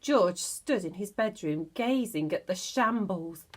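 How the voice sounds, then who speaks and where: A woman teacher reading a storybook aloud to children with expressive narration. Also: mid-range voice. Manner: expressive, slow, lively narration.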